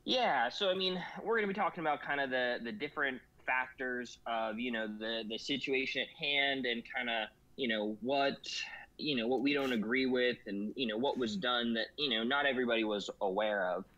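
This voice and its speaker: A man's voice: mid-range voice, normal speed, pushed and bright. A man talking as a guest in a casual discussion, rambling and filling every phrase with "you know". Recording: slightly dull lo-fi audio.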